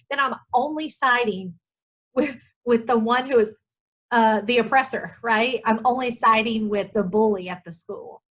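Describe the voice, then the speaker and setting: A woman's voice: on the high side, fairly quick, a bit bright. A woman giving a parenting education webinar, talking in a loose, conversational way with many fillers and asides. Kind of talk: webinar presentation. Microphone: webinar microphone.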